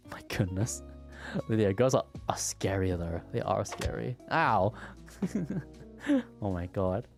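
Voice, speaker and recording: A man's voice: low-pitched, slow pace, vocal fry, faint music behind. A man streaming and chatting casually with his viewers, stuttering and repeating words as he talks.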